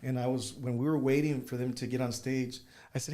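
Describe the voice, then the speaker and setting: Man telling lively stories as a guest. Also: mid-range voice, fast talker. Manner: animated anecdotes with slips into Spanish phrases. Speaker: musician guest. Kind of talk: casual interview storytelling.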